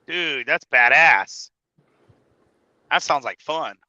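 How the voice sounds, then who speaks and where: Bright, profane man chatting from his truck. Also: fairly high pitch, animated, slow pace, no echo, highs cut off. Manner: profane, laughs often, stammers when telling a story. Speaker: podcast host. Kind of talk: casual chat. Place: truck cab, driving.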